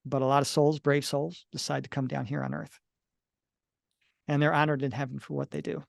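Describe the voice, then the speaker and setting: A man's voice: medium pitch, little pitch movement, a little fast, vocal fry, no room sound, clean studio sound. A middle-aged man, an author and analyst of near-death experiences, giving earnest, explanatory interview answers and sometimes acting out little scenes. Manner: earnest, explanatory, acts out little quoted dialogues.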